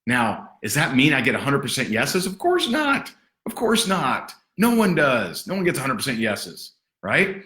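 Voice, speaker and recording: A man giving livestream sales training in an energetic, sarcastic, punchy motivational way. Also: medium pitch, normal speed, few pauses. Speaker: network marketing trainer. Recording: roomy echo.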